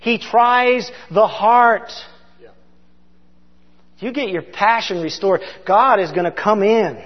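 High-voiced impassioned male preacher in a hall. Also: takes it slowly. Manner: impassioned, swings from loud to hushed. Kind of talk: sermon. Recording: dull, reverberant hall sound.

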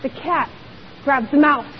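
Female preacher, high-pitched, emphatic sermon delivery, faint hiss on a muffled recording. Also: takes it slowly. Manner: emphatic, rhetorical questions. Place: church. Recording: dull lo-fi recording with long hall reverb and faint hiss.

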